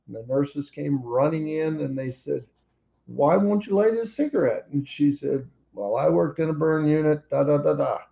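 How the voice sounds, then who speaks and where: Older man, gravelly voice, a bit high, wry plainspoken storyteller, dull lo-fi call audio. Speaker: storyteller interviewed by his daughter. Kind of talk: recorded personal story over a call. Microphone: computer call.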